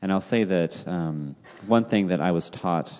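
Young adult son, very low voice, earnest; muffled, echoing track. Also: male voice, a little slow, darkish tone. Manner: earnest and grateful. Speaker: adult son and podcast guest. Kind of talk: casual conversation. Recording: dull recording with long reverb.

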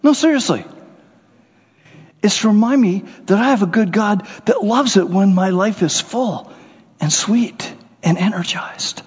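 A man preaching a sermon, animated, acting out little scenes and voices as he goes. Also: high voice, a little slow, husky. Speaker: pastor. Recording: muffled sound with long hall reverb.

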